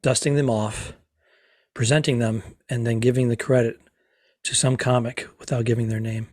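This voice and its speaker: A man's voice: mid-range voice, flat delivery, a little mellow, no echo, studio quality. A man co-hosting a comedy podcast, chatting casually with a wry, joking manner. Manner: wry, quick to joke and riff. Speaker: podcast co-host.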